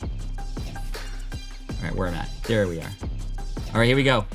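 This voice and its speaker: A man's voice: on the low side, lively intonation, fast, over music. A man chatting casually on a live stream, upbeat and reading out his chat. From United States. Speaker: streamer opening card packs.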